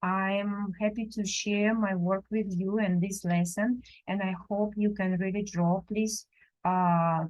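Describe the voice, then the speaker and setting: Slow, gentle woman teaching drawing. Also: mid-range voice, fairly even intonation, rough recording. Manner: slow, gentle, non-native phrasing with many pauses. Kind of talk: live drawing lesson. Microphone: camera while drawing at a table.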